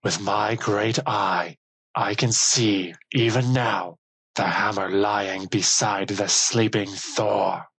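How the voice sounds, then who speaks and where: A huge boastful frost giant voiced by a man speaks in a slow, menacing bellow. His voice sits low with a husky edge, and each word is drawn out heavily. It is a storybook giant, proud and threatening. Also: fairly even intonation, fairly bright tone, no room sound, exaggerated voice.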